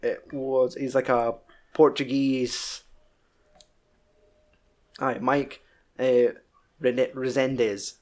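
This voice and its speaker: A man with a Scottish accent chatting casually as a podcast co-host, telling a film's story in an animated, heavily sweary way. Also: medium pitch, drawn-out words, long pauses. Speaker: podcast co-host reviewing a film. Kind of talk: casual chat.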